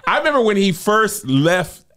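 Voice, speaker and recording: A middle-aged podcast co-host with a high voice speaks at normal speed in a casual comedic chat. He tells family stories in an animated way, playfully exaggerating them.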